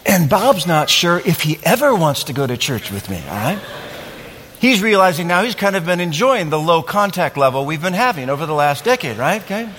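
A man preaching a sermon in an animated way, acting out scenes and asking his listeners questions. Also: a little high, a little fast, long reverb tail, a little hiss or hum. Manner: animated, acts out scenes and asks the audience questions. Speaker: pastor.

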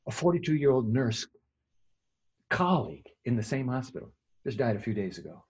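A male pastor giving a conversational sermon, swinging between emphatic and hushed delivery. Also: medium pitch, slightly rough, highs cut off.

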